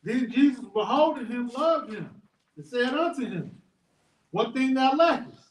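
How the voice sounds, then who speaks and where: A man with a very high voice reads scripture aloud in steady, measured phrases. The sound is roomy and echoey, and he is heard from some distance away from the mic. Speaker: scripture reader. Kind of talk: reading the King James Bible aloud.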